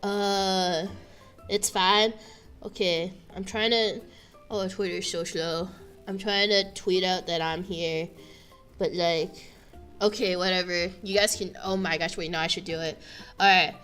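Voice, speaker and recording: A young woman from Canada chatting casually on a livestream, giggly and full of fillers, often bursting into high laughter, in a room with a buzzing air conditioner. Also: steady tone, unhurried, fairly bright tone, soft background music. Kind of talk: casual stream chat.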